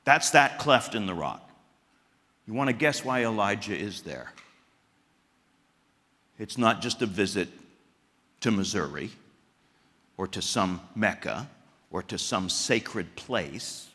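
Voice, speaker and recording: A man preaching a chapel sermon, animated and questioning the audience, with stammered restarts and sudden jumps in pitch and loudness. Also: takes it slowly, long pauses. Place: large chapel hall. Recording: echoey hall.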